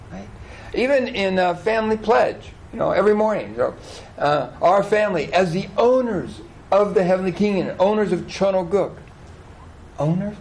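Animated man preaching a sermon. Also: a little high, a little hiss or hum, rough recording. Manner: animated preaching, asks the congregation questions. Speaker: pastor. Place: church hall.

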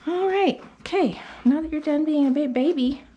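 A woman grooming a dog, talking casually and coaxing it softly as she works. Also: high voice, normal speed, dull audio, slight background noise. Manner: soothing and coaxing, talks to the dog. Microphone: phone.

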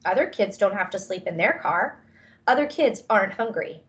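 A woman's voice: medium pitch, expressive, normal speed, muffled recording, natural voice. A woman voicing an upset boy, reading his lines with pleading emotion in a storybook reading. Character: boy, older child, upset and then softening.

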